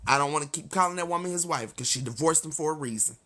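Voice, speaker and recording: Low-pitched yet bright and sharp, this livestream host's voice races as she goes on a heated, profane rant directly to the camera. Laughter and apologetic asides keep interrupting her.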